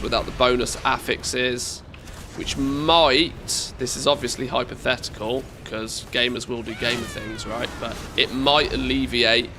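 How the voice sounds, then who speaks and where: A man with a nasal, cold-congested voice streams a game and gives casual commentary, rambling with restarts and dry jokes. His mid-range voice has a sharp tone, with slight background noise.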